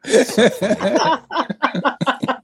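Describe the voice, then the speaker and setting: A man co-hosts a podcast at an unhurried pace, his voice lively and slightly husky. The sound is dry and close. He laughs often as he chats. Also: very high voice, dry recording. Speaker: podcast co-host. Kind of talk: casual podcast chat.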